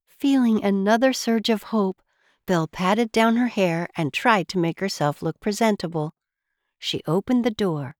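A woman reading a storybook aloud, expressive and unhurried. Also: medium pitch, no echo, studio quality. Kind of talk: storybook read-aloud narration.

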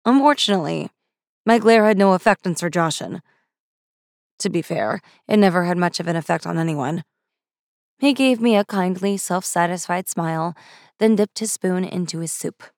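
A woman narrating a first-person fantasy story in a wry, brisk way. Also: fairly low pitch, darkish tone, dry recording, studio quality. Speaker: audiobook narrator.

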